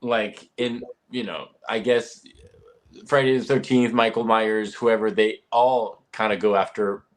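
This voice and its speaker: A man's voice: lowish voice, flat delivery, measured pace. A man on a live podcast talking hesitantly about a film in casual chat, with many fillers. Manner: hesitant, filler-heavy, laughs between phrases.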